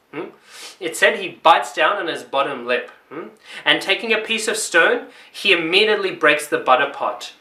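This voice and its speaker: A man's voice: a little high, sharp tone, roomy sound. A man teaching a devotional scripture class as a storytelling lecture, often checking in with "hmm?" and acting out short quoted cries. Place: temple.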